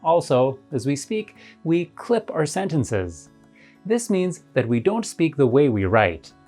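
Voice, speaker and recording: A woman narrating an English lesson. Her voice is low but moves up and down a lot. She explains points clearly and methodically. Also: very animated, slow pace, dark tone, soft background music. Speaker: English teacher.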